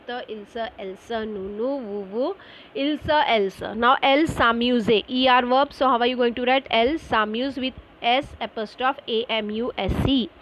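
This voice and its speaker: High-voiced woman teaching French. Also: lo-fi sound, slight background noise. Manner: explains slowly with frequent fillers, spells words out letter by letter. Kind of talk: online classroom lesson.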